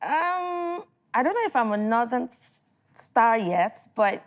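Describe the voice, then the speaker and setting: A woman's voice: a little high, big pitch swings, takes it slowly. A young adult woman with a Nigerian accent, a TV host and producer, telling a story as a studio talk show guest and acting out what others said to her. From Northern Nigeria. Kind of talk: casual studio interview, storytelling.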